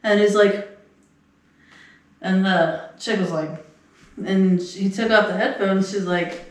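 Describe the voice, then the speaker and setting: A woman's voice: mid-range voice, measured pace. A middle-aged woman telling a long story on a podcast, rambling, laughing often and acting out the quotes. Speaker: podcast co-host. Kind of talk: casual chat. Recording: echoey room, far from the mic.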